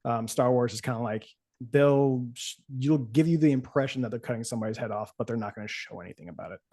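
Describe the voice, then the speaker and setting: A man's voice: mid-range voice, quick pace, warm tone. Rambling casual man recapping a comic. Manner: rambling, loose, with many fillers and quoted voices. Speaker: podcast host.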